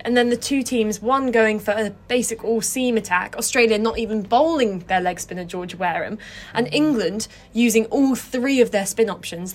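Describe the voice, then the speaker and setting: A woman co-hosting a cricket podcast, talking through match tactics and statistics in an analytical, casual way. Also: mid-range voice. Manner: analytical, cites figures and stats. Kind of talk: casual sports discussion.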